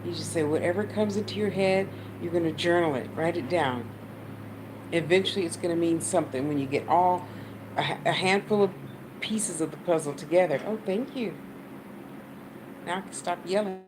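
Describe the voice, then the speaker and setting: A woman's voice: lowish voice, normal speed. A woman with an American accent giving casual, blunt spiritual advice to her viewers, swearing freely as she talks. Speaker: spiritual channel host. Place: at home, fan running. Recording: noisy fan and traffic behind.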